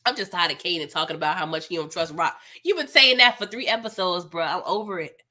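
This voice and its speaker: Bright-voiced sassy woman recapping TV. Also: on the low side, fast. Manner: animated, slangy, sassy, laughs often. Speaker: TV recap host. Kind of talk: live TV episode recap.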